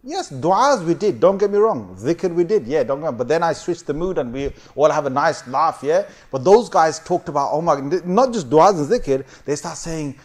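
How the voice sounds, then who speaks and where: A man preaching a sermon as a lively story. He often laughs, swings his voice up and down, and keeps checking with his listeners. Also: normal speed, hardly any pauses. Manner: animated, laughing often, big swings in pitch and loudness; chatty, asks the audience for agreement.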